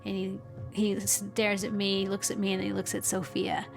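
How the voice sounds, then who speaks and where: Gravelly-voiced woman telling a heartfelt story. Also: mid-range voice, completely flat delivery, normal speed, soft background music. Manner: earnest, emotional storytelling with frequent small laughs. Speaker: podcast guest. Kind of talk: personal storytelling in conversation.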